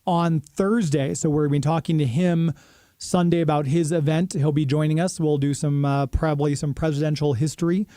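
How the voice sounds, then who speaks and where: A man's voice: on the high side, fairly even intonation, fairly quick, mellow, no room sound, clean studio sound. Chatty man hosting radio. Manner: chatty, rambling, with fillers. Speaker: radio show host. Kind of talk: casual radio chat with a sponsor read.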